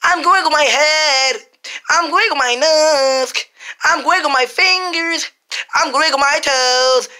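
A woman voicing a cheerful childlike toy tiger, with slow, bubbly, sing-song phrases for small children. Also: high-pitched, pushed and bright.

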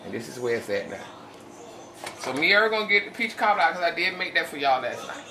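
Pitched on the high side with big swings, a tired man talks fast while hosting a relaxed cooking demo from his home kitchen. As a home cook with his own channel, he chats to viewers as "y'all" in a folksy manner. Noise fills the background of this distant, echoey kitchen recording.

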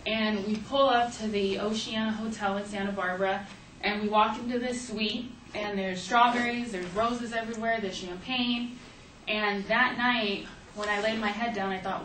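A woman's voice: medium pitch, fairly even intonation, normal speed, fairly bright tone, slight background noise. A young woman telling a personal story on stage in a chatty, conversational way, with plenty of fillers. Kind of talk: live storytelling. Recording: echoey room, distant mic, faint ambience.

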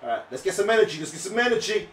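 A young man reacting loudly while playing a fighting game, yelping and bantering in slang. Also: high-pitched, big pitch swings, racing, crowd noise. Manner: yelps and slangy banter with the officials. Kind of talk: excitable live gameplay reactions. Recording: echoey room, off-mic, game music.

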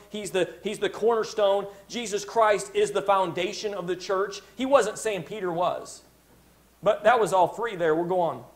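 A man preaching a sermon as pastor, emphatic, stopping to restart phrases and asking his congregation "Amen?". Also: high voice.

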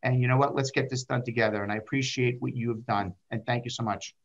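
A man's voice: mid-range voice, steady tone, fast. A man, a state senator, speaking earnestly and rambling a little on a panel video call. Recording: dull lo-fi call audio.

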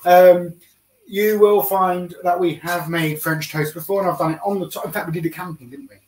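A man, co-hosting a home cooking video, explaining in a relaxed, self-mocking way as he cooks. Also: high-pitched, normal speed, far from the mic, a little hiss or hum. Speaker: cooking show co-host. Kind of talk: casual cooking demonstration. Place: home kitchen. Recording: roomy kitchen sound, away from the mic.

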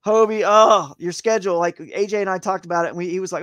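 A man's voice: high voice, steady tone, fast, few pauses, a bit bright, no room sound. A man chatting as a guest on a live interview show, rambling and upbeat, saying "man" and "dude" a lot. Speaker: guest, tournament kayak angler.

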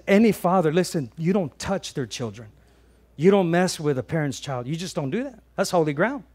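Man preaching, pastor, middle-aged, impassioned storytelling, fairly high voice. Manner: impassioned storytelling preacher, swings from loud to hushed. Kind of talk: sermon.

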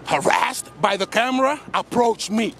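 Defiant high-voiced man on a noisy street. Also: moderate pace, fairly bright tone. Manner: insistent, defiant, repeats himself. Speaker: camera-carrying auditor filming police. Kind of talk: confrontational street argument. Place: outdoors on a busy city street. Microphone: handheld camera mic. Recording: street noise on a camera mic. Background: traffic and street noise.

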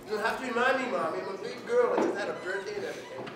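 A man's voice: sits high, rapid-fire, heavy background noise, close to an everyday voice. A man voicing an impatient young girl, insisting she is big, in a storytelling performance recorded far off in an echoey school hall. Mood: pouty. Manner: pouty, insistent.

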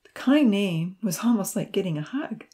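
A woman narrating a Christian children's storybook aloud in a steady, expressive reading. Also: medium pitch, normal speed. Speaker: audiobook reader.

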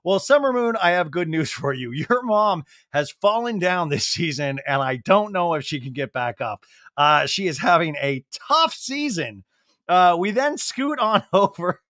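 Guy with a high voice riffing sarcastic on a tv recap podcast, dry close mic. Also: expressive, measured pace, bright, forceful tone, no room sound. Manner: sarcastic, riffing, jumps into silly impressions. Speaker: podcast host.

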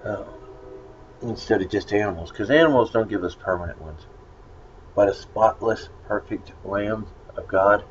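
In a dull lo-fi recording with faint noise, a Bible study teacher speaks at normal speed in a fairly low-pitched voice. His lesson is casual and wandering, loaded with fillers in a conversational style.

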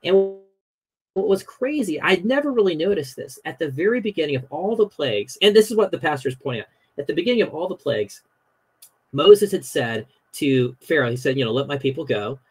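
A man who is a podcast guest tells stories in a casual, animated way, using many "you know" fillers. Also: fairly high pitch, fairly quick, slightly rough, low-quality recording. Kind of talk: casual storytelling chat.

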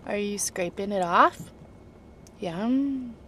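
A young adult woman chatting casually for a home vlog, often soft and hushed, tired and a bit unwell. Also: medium pitch, animated, slow pace, a little hiss or hum. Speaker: mom vlogger. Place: family home, basement playroom.

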